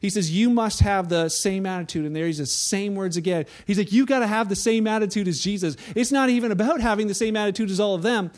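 A male pastor with a notably high voice delivers a sermon. He talks in a loose, conversational manner, often restarting his sentences, and acts out the little stories he tells. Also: quick pace, hardly any pauses, darkish tone. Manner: conversational, with acted-out anecdotes and frequent restarts.

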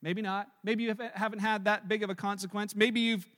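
A middle-aged man preaching a sermon, telling family stories in an animated way and acting out the dialogue. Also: sits high, a little fast. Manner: storytelling, animated, acts out dialogue. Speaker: pastor. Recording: long reverb of a large hall.

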